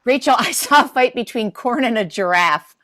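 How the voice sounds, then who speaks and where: A woman trades setups and punchlines in an improv game, her pitch sitting a bit high and moving around a lot. She delivers them playfully and laughs through them. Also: lively intonation, moderate pace, fairly bright tone. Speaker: improv player.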